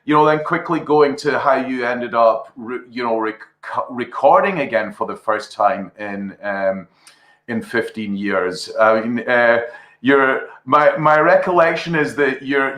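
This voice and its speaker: A man's voice: mid-range voice, a bit bright. A man interviewing a guest, asking long questions full of hesitations and restarts. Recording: roomy echo.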